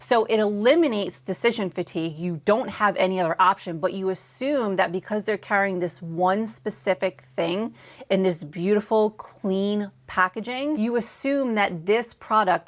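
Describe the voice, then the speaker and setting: A woman's voice: medium pitch, moderate pace. Woman, reaction host, candid opinions, apologetic asides. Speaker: commentary host reacting to clips. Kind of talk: casual opinion commentary.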